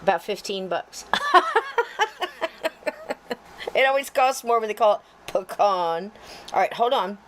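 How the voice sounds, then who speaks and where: A woman with a medium-pitched, animated voice speaks at a moderate pace while hosting a casual livestream, greeting viewers by name and joking folksily. She mutters to herself as her tech gives her trouble. She's a podcast co-host, and the low-quality recording has faint noise underneath.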